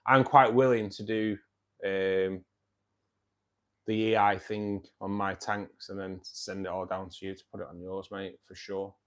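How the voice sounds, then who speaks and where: A man, tired and self-mocking, chatting casually and laughing often as host of a live stream. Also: fairly low pitch. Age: 50s. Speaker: livestream host.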